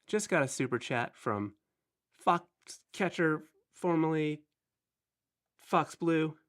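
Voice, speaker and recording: A man's voice: a little high, takes it slowly, fairly bright tone. A man in his thirties with a slightly nasal voice, hosting a casual live stream, chatty and rambling as he greets viewers. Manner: chatty, rambling, self-deprecating. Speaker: livestream host.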